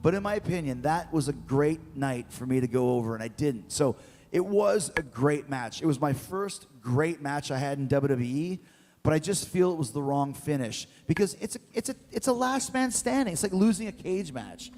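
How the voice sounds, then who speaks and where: A man's voice: a little high, normal speed, slight background noise. Middle-aged man telling wrestling stories. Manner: lively anecdotal storytelling with repeated words. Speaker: guest, former wrestler. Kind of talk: storytelling in an interview. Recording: long reverb with faint music.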